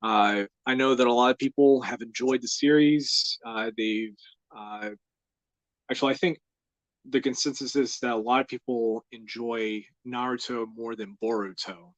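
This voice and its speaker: An easygoing young man from the United States hosts his live art stream, rambling through casual chat with plenty of "uh"s and the odd chuckle. His voice sits at a middling pitch and is recorded close and dry, with no room sound at all. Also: fairly even intonation, a little slow, no room sound. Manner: rambling and easygoing, with many fillers and soft laughs. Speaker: host of a live drawing stream.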